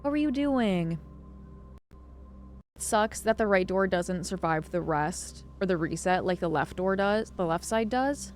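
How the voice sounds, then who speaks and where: A young woman streaming a game live, chatting casually and dramatically with her viewers, swinging from excitement to mock sadness. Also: mid-range voice, a little slow. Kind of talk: casual live-stream chat while gaming. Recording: faint music behind.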